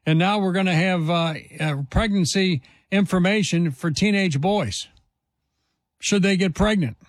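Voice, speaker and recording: A man's voice: high-pitched, a little slow, no echo. A man hosting a talk radio show, delivering an indignant, emphatic monologue full of rhetorical questions.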